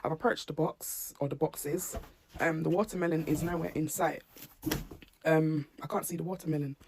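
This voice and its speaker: A woman's voice: low voice, steady tone, normal speed, background noise. A woman, a mum of children with special needs, animatedly retelling a personal incident to camera and acting out the dialogue. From England. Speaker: SEN mum telling her story.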